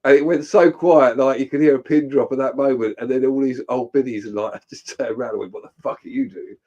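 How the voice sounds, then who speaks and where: A man's voice: medium pitch, fairly even intonation, fairly quick, a little mellow, highs cut off. A man in casual chat, telling rowdy stories with plenty of swearing and laughter.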